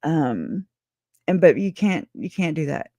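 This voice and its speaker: A woman hosting a casual true crime livestream, animated and sarcastic, laughing often and swearing freely. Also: sits low, measured pace, dry recording.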